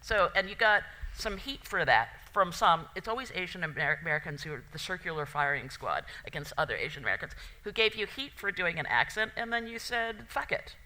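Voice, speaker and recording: A woman's voice: lowish voice, lively intonation, fairly quick, few pauses, sharp tone. A woman interviewing a guest onstage, asking rambling questions that she corrects as she goes.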